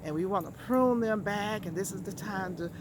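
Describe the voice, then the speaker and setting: A woman's voice: medium pitch, normal speed. Woman, friendly chatty host, repeats key words, outdoor garden, faint background noise. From Georgia, USA. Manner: chatty, repeats words for emphasis, talks straight to viewers. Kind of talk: casual how-to vlog.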